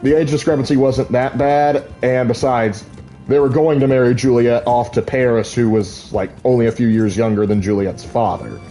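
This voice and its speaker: A man's voice: medium pitch, fairly even intonation, moderate pace, mellow, faint music behind. A man casually commentating on his gameplay, rambling through opinionated asides full of "like.". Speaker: gaming streamer.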